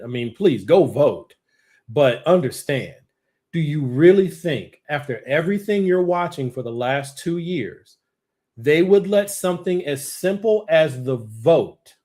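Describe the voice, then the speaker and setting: A man hosting a political talk show, arguing with passion and rhetorical questions. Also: a little mellow. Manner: impassioned, rhetorical, pitch rising when worked up. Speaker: show host. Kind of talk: political commentary.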